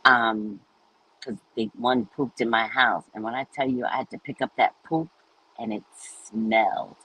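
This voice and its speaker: A woman's voice: a bass voice, a little slow, fairly bright tone, breathy edge, rough recording. A woman hosting a live stream, chatting casually and telling stories with frequent laughter. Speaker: host of live readings.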